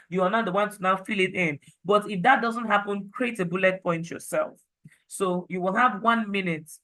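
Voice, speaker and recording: A woman's voice: medium pitch, sharp tone, poor audio. A Nigerian woman teaching an online class, chatty and encouraging, slipping into pidgin.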